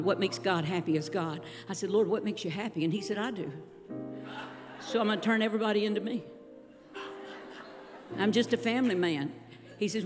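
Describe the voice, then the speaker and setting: A woman preacher delivering an emphatic, rhythmic sermon, swinging between hushed passages and shouted declarations. Her voice rings out with a long hall reverb, and instrumental music plays clearly underneath. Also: medium pitch.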